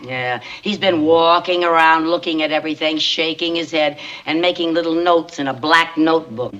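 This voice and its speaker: An eager, cheeky secretary. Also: female voice, sits low, normal speed, fairly bright tone, highs cut off. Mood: chatty. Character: eager, chatty young female secretary. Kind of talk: 1960s sitcom acting. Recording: old TV soundtrack with hiss and audience.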